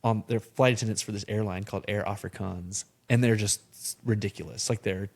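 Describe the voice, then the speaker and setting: A man with a fairly low voice hosts a casual podcast chat. He talks in an animated, chatty way and slips into playful accent impressions now and then. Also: a little fast, vocal fry. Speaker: podcast host.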